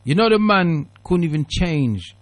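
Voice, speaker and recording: Talk radio host reining in a caller. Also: male voice, on the high side, unhurried. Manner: interjecting, calming callers, explains at length.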